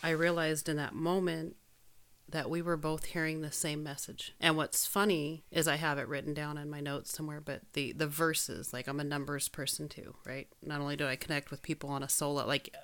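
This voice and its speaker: A woman's voice: sits low, level tone, a little fast, fairly bright tone. A woman in casual chat, telling a personal story earnestly and frankly, with casual swearing.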